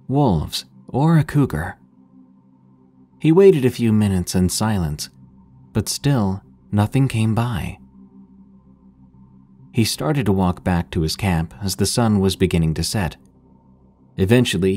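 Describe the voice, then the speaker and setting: Deep-voiced man narrating horror stories. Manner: steady, measured storytelling.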